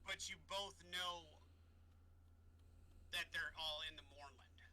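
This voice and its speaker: A man narrating as game master of a tabletop game on a stream, often halting and correcting himself. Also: on the high side, pushed and bright, slight background noise.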